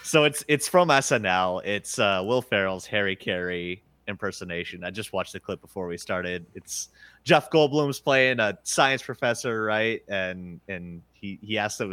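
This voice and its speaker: Bright-voiced podcast host, low pitch. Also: male voice, expressive, moderate pace, clear, resonant tone, no echo. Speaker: podcast host reading listener questions. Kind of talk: casual baseball chat.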